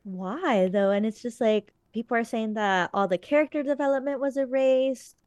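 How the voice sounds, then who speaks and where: A woman's voice: fairly high pitch, fairly even intonation, normal speed, a little mellow, smooth, no echo. A woman chatting casually as a podcast co-host, rambling earnestly with many fillers. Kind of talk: casual chat.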